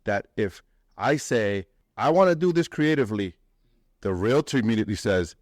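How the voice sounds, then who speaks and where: Speaking to a live meetup audience in a meetup room, a male real estate investor and mentor gives an animated, blunt, swearing talk, acting out other people's lines in a raised voice. His voice is fairly low and his pace moderate, captured in a dry, studio-quality recording.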